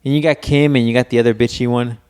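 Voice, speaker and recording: A man's voice: medium pitch, fairly even intonation, fast talker, a little mellow, clean tone. A man co-hosting a podcast in casual chat, full of crude jokes and banter. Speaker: podcast co-host.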